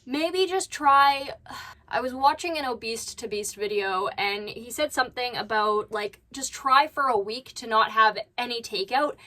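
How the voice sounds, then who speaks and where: Bright, blunt woman reaction host. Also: on the high side, measured pace. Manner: blunt, critical, sarcastic asides. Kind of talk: casual reaction commentary. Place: at home.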